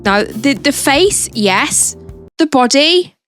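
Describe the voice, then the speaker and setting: A woman's voice: high voice, expressive, slow, fairly bright tone, soft background music. Chatty woman commentary host. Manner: chatty, explaining, conversational. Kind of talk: casual commentary on social clips.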